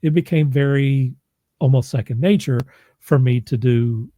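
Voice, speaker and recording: A man's voice: medium pitch, normal speed, mellow, no echo. A man who narrates audiobooks, chatting casually in a rambling, self-deprecating way and laughing often. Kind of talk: casual chat.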